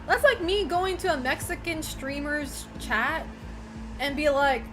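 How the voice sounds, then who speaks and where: Giggly high-pitched woman streamer. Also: a little slow, fairly bright tone, soft background music. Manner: giggly, talks to chat, swears casually. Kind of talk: casual livestream chat.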